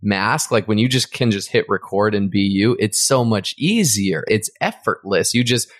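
A man co-hosting a podcast, reflecting earnestly in a somewhat low voice. The sound is dry, with little room echo. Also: expressive, normal speed. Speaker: podcast co-host. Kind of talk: casual interview talk.

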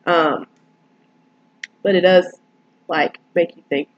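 A woman's voice: lowish voice, fairly even intonation, slow, pauses often, lo-fi sound, slight background noise. A woman casually retelling and reviewing a film, rambling with lots of fillers.

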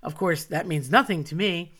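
A woman's voice: on the low side, moderate pace, a bit bright, husky. A woman telling a personal story with wry, self-mocking asides. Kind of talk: personal story told to an audience.

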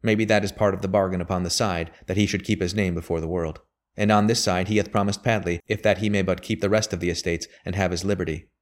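A shrewd elderly lawyer with a very deep, grave voice, read by a man. He talks in measured, emphatic sentences. He sounds bitter and certain. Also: steady tone, close to an everyday voice. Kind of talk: audiobook character voice.

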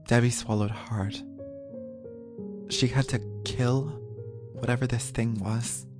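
A man narrating a horror audio drama in a measured, even storytelling voice. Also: medium pitch. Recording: music playing under the voice.

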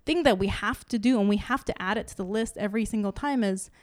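A woman's voice: medium pitch, fast talker, no room sound. A woman in a loose podcast conversation, talking in long run-on thoughts packed with "like" and self-corrections. She swears freely and voices her own inner questions. The sound is dry and close to the mic. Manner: rambling, full of "like" and restarts, swears freely. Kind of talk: casual chat.

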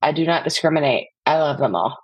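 A woman in her forties chats with her sister on a podcast, pausing to think and laughing easily. Her voice is mid-pitched with a soft breathy edge. The recording is dry and close. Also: expressive, no echo, low-quality recording. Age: 40s. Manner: chatty, hesitant, laughs easily. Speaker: podcast guest. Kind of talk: casual chat between sisters.

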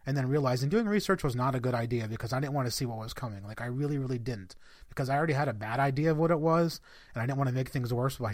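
A man's voice: mid-range voice, dry recording, clean studio sound. A man hosting a podcast, telling a personal story to his listeners in a loose, chatty way with plenty of fillers. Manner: conversational, addresses listeners as guys, many fillers. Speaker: podcast host.

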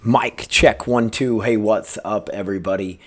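Blunt, rambling man with a low voice. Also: steady tone, a little slow, soft background music. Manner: rambling, blunt and profane, gets heated. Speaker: podcast host. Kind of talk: casual solo podcast monologue. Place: at home with a dog nearby.

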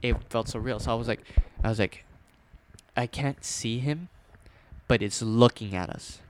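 A young man casually telling a scary personal story, rambling with fillers and restarts, dropping to a hush at tense moments. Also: medium pitch, moderate pace.

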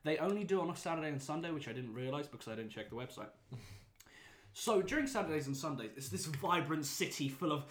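A man's voice: fairly high pitch, fast talker. Young man from Poland telling stories. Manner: animated, swearing, laughing storyteller. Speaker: storyteller. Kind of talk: casual chat. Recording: echoey room, faint noise.

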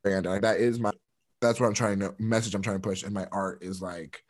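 A man co-hosting a podcast in casual chat, talking in an animated way with frequent restarts. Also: fairly low pitch, fairly quick. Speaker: podcast co-host.

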